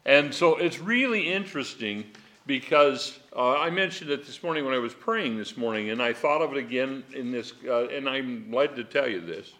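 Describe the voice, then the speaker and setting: A man's voice: mid-range voice, bright, forceful tone. A man teaching a Bible class in a folksy, digressive way, chuckling often.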